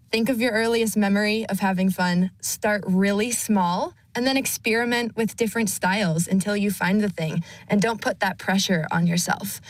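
A woman's voice: medium pitch, dry recording, rough recording. A woman nonprofit executive on a radio interview, giving earnest advice.

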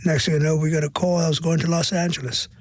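An older man telling stories in an interview, expressive and repeating words, sometimes dropping to a hush for emphasis. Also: a little high, fast talker, breathy edge. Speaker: guest, stage performer. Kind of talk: interview storytelling.

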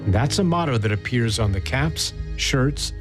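A male radio host speaks in a thoughtful, measured way at a mid pitch. Soft music plays faintly behind his narration. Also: expressive. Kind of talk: interview and scripted narration.

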